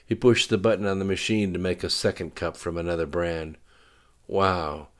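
Brief: male narrator, very low voice, steady scripted reading. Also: fairly quick. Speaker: audiobook narrator.

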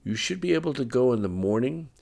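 A man reading a calm male nurse. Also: medium pitch, fast, creaky, pitched above the performer's own voice. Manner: reassuring, practical.

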